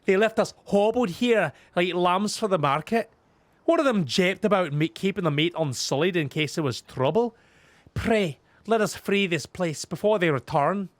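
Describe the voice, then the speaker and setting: A man's voice: high-pitched, moderate pace, no echo, close to an everyday voice. A man voicing an eager, earnest young male captive in a game dub. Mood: pleading. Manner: earnest and wide-eyed.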